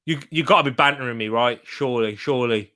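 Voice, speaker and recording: A young man provides a live watch-along of a football match, reacting loudly to chances and chatting with viewers. He speaks fast at medium pitch.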